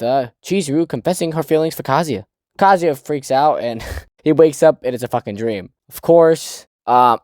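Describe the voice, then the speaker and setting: Casual male reviewer, loose and profane, giggling through a recap; mid pitch, dry sound. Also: darkish tone, no room sound. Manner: rambling, profane and laughing. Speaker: manga reviewer.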